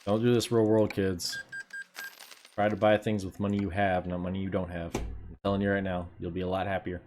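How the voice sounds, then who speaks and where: A man's voice: low-pitched, level tone, fairly quick, a little mellow, a little hiss or hum. A man streaming a game, chatting casually to his viewers, laid-back and swearing now and then. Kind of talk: casual live gameplay commentary.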